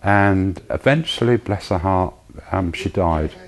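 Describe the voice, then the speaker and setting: Deep-voiced man telling a tender personal story. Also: low-quality recording. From United Kingdom. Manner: emotional storytelling, slow and tender. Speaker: charity founder giving testimony. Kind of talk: personal testimony.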